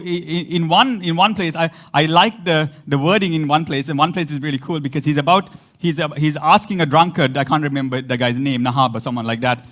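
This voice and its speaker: A man's voice: a little high, a bit bright. Chatty man preaching a sermon. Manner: conversational, laughs often, acts out quotes. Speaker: pastor.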